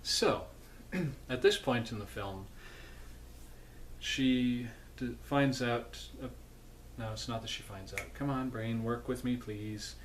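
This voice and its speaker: A man's voice: mid-range voice, slow, pauses often, slight background noise. A sleepy man recapping a film from home in a casual, rambling way, correcting himself and making chatty asides. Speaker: vlogger.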